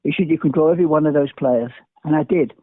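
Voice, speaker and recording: An older man from England telling stories at speed, jumping from one tale to the next and tripping over his own words. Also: a little high. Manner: talks very fast, jumps between stories, stumbles and restarts. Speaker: guest. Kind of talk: animated anecdotal storytelling. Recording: dry, tinny phone-like line.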